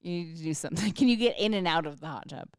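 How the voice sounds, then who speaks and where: A young woman teasing her co-host in relaxed podcast banter, laughing easily. Her pitch moves a lot and the recording is dry and close. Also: racing, smooth, no room sound. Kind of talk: casual chat.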